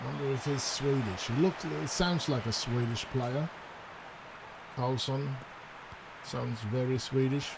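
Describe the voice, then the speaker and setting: A man's voice: mid-range voice, slow, gravelly, pauses often, background noise. A man casually commenting as he plays a football management game, hesitant and chatty, perking up when chances come. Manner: chatty, hesitant, with bursts of excitement at goals. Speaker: gaming YouTuber. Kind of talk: casual let's-play commentary.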